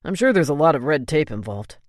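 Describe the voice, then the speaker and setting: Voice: medium pitch, sing-song, a little fast, dry recording, studio quality, lightly acted. A narrator voicing a meticulous adult man who owns a restaurant, speaking in a clipped, terse way. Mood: curt.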